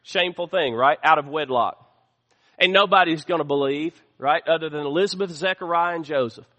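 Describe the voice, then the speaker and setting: A man's voice: fairly high pitch, a little fast, bright, forceful tone. A man preaching a sermon as pastor, calling out to the congregation for responses as he teaches. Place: church sanctuary. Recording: long hall reverb.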